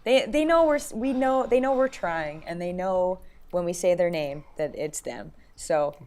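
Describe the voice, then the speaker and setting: A woman's voice: lowish voice, animated, normal speed, a little mellow. A woman co-hosting a podcast in casual chat, chatty, with many fillers and restarts. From Canada. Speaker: podcast co-host.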